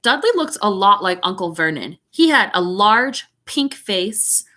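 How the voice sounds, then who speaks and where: A woman's voice: medium pitch, big pitch swings, unhurried, sharp tone. A woman teacher reading a chapter book aloud, breaking off for chatty, giggly asides.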